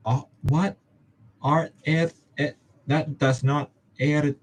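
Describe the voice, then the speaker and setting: A man's voice: mid-range voice, a little slow, breathy edge. A young man from Hong Kong, a student vlogger, muttering and joking to himself as he studies. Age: young adult. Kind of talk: study-with-me self-talk.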